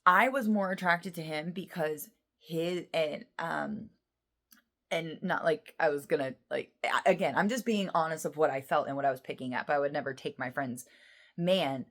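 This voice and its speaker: A woman giving a casual tarot reading to her viewers, emotional and excitable, rambling with lots of restarts and half-finished thoughts. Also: sits low, normal speed. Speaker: tarot reader.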